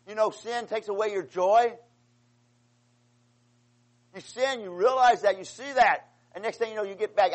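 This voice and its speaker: A man preaching a sermon with passion, swinging from quiet explanation to loud, pleading outcries and calling out "amen" to his congregation. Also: sits high, moderate pace, low-quality recording. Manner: impassioned, rising to pleading outcries.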